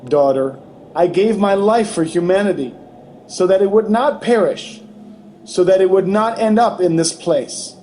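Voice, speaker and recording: A man voicing a grave, tender Jesus who speaks slowly and solemnly in a dramatized testimony reading. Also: sits high, slight background noise. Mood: sorrowful. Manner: slow, solemn, gently pleading.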